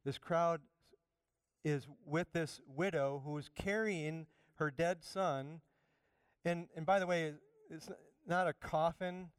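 Pastor preaching, smooth clear voice, kinda high, swings loud then soft, dry sound. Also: male voice, takes it slowly, no echo. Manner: animated, rising to bursts of emphasis and dropping to quiet asides. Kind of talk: sermon.

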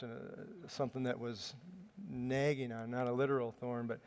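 A man's voice: medium pitch, steady tone, normal speed, a little mellow. A man giving a sermon, telling the story in a conversational way with small hesitations. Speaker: preacher. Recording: long hall reverb.

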